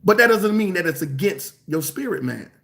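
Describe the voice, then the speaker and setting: A man preaching a sermon in an emphatic, colloquial way, repeating phrases for stress and drawing some words out slowly. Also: high voice, expressive, vocal fry, fairly bright tone.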